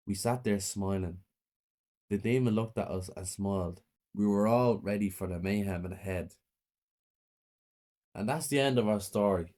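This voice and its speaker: Man, horror story narrator, plain reading, dark mellow tone. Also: lowish voice, normal speed, pauses often.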